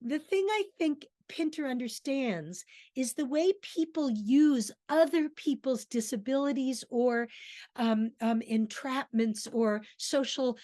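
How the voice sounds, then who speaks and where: Woman director giving a class on a play, chatty, kinda high voice. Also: animated, slow, mellow. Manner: conversational, with fillers and restarts, reading quotes aloud. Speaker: theatre director lecturing on plays. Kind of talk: lecture.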